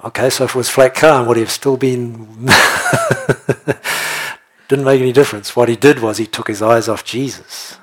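A man preaching a sermon, animated and playful, often laughing and checking in with the congregation. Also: medium pitch, moderate pace. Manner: animated, jokey, laughs often, asks the room "right?". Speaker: pastor.

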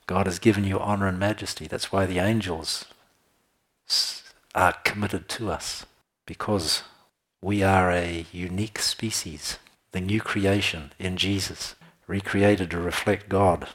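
A man's voice: deep voice, fairly even intonation, a little slow, fairly bright tone, husky. A man preaching a sermon, reading scripture aloud and commenting with frequent laughter.

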